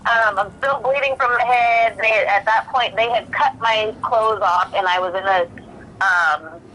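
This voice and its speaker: Here a woman's high-leaning voice, pushed and bright, keeps a measured pace over a low-quality recording with a little hiss or hum. Speaking from prison as a podcast guest, she candidly recounts her story with heavy fillers and restarts, acting out her thoughts from the time in quotes.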